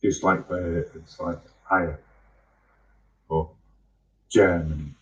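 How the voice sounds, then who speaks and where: A man's voice: sits low, steady tone, takes it slowly, far from the mic, dull audio, slight background noise. A man in a rambling, profane, angry monologue. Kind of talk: ranting monologue.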